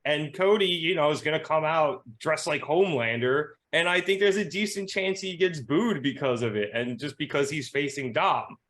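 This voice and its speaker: Young male podcast co-host, higher voice, excitable, giggly, loose casual chat. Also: moderate pace, few pauses. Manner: excitable, laughs often, trails off and restarts.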